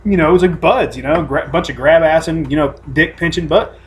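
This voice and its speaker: A man's voice: a little high, fairly quick, slight background noise. A man co-hosting a casual podcast from home, telling stories in a rambling, profane way with many restarts. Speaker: podcast co-host. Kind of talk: casual chat.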